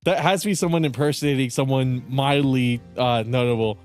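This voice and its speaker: A man's voice: medium pitch, steady tone, a little fast, darkish tone, soft background music. A man streaming a video game in casual commentary, joking, swearing a lot and laughing often. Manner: profane, joking, frequent laughter. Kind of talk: casual gaming livestream commentary.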